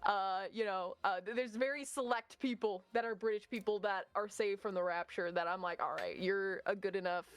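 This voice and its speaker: A woman's voice: mid-range voice, normal speed, few pauses. Bubbly joking woman voice actor guest. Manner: bubbly, jokey, swears casually, many fillers. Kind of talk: casual interview chat.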